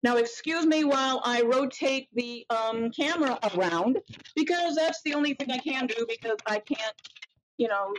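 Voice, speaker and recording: A woman's voice: high-pitched, normal speed, slight background noise, poor audio. A woman live streaming from her desk in a small room, irritated and sarcastic, swearing as she rants. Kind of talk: ranting live stream talk.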